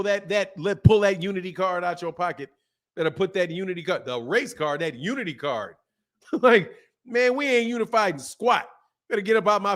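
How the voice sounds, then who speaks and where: This boxing channel host has a high, somewhat bright voice. During his livestream commentary he reads super chats, keeps things casual, laughs a lot and imitates others.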